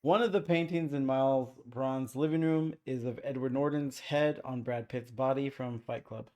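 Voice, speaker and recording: A man's voice: medium pitch, fairly even intonation, normal speed, darkish tone. A young man co-hosting a casual movie review chat, easygoing, explaining things and laughing along. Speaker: podcast co-host.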